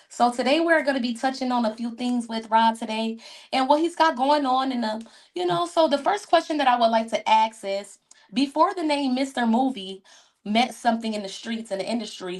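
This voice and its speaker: A woman host with a somewhat high voice brings energy to her welcome, calling out to the listeners and hyping her guest. Then she settles into asking questions in a casual, friendly podcast manner. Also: normal speed. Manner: energetic hype-woman intros, calls to the audience. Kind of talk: hyped podcast host intro and interview questions.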